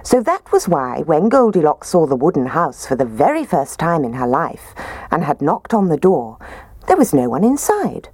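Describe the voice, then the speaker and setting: A woman reading a children's story aloud in a gentle, expressive way. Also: low voice, moderate pace, slightly rough, no echo.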